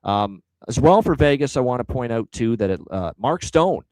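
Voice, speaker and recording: A man's voice: mid-range voice, expressive, normal speed, darkish tone, dry recording, low-quality recording. A man hosting a sports betting show, talking through his picks in an emphatic, casual way.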